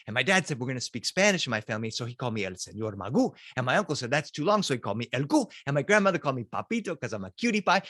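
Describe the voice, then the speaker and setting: A middle-aged man telling a children's story in an animated, playful way. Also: sits high, dry recording, studio quality.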